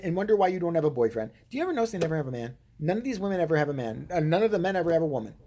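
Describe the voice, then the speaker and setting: A woman's voice: lowish voice, big pitch swings, very fast, few pauses, warm tone. A woman vlogger giving blunt, heated, profane commentary and telling a story.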